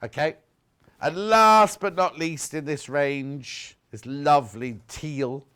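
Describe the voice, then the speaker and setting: A man's voice: a little high, takes it slowly, a bit bright, clear, resonant tone. A man presenting fabrics on a live shopping channel, chatting and joking casually and reading out viewer messages. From United Kingdom. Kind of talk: casual live sales chat.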